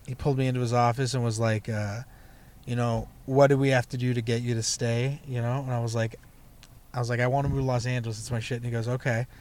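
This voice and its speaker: A man's voice: mid-range voice, slight background noise. A young man, a stand-up comedian, telling a loose, profane story from his past in a casual chat, full of fillers like "you know" and "like". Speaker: comedian guest.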